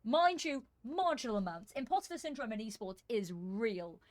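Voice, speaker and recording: A woman's voice: on the high side, lively intonation, normal speed, no echo. Chatty self-deprecating woman streaming esports. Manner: chatty and self-deprecating, rambling with fillers and asides. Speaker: esports caster streaming a qualifier. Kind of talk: casual live-stream commentary.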